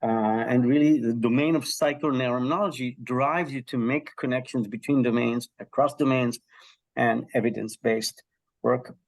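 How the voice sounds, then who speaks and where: Gravelly-voiced man, lively storytelling guest. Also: mid-range voice, moderate pace. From Israel. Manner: animated storyteller, frequent ums and restarts. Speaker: guest, health psychology professor. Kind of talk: conversational interview answer.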